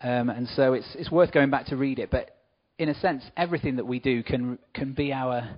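Guy giving a chatty church talk, mid-pitched, slightly dull muffled recording. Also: a little fast. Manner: chatty, warm asides to the congregation. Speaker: church speaker.

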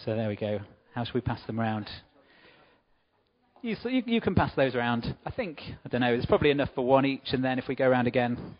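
A man gives a relaxed, conversational talk to a church congregation, throwing in friendly asides between points. His voice sits at a middle pitch. The recording sounds a little muffled and dull. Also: fast. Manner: chatty, warm asides to the congregation. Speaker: church speaker.

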